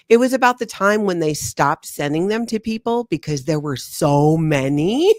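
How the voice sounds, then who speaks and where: A woman co-hosting a casual chat, reading reviews aloud in an animated, self-mocking way with frequent laughs. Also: lowish voice, normal speed, no echo, studio quality. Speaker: co-host, former member discussing the church.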